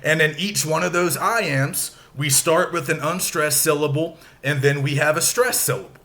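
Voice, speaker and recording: A man teaching a recorded lecture, explaining slowly and stressing syllables aloud to show the rhythm. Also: a little high, pushed and bright.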